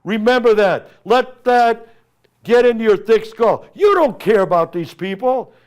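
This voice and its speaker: A man's voice: high voice, lively intonation, unhurried. A middle-aged Armenian American man, a congressional candidate hosting a talk show, giving an emphatic, impassioned political monologue and addressing opponents directly.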